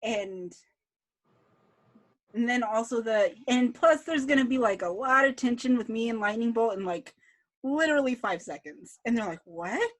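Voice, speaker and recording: A chatty, enthusiastic woman talking casually on a podcast about writing her series. Her voice is slightly high and plain. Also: expressive, normal speed. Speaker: series writer.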